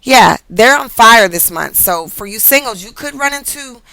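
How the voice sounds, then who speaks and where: A woman's voice: fairly high pitch, lively intonation, moderate pace, creaky, sharp tone, dry recording, rough recording. A woman reading tarot cards in a casual, rambling vlog, chatty and profane, laughing often and drifting off topic. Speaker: tarot card reader.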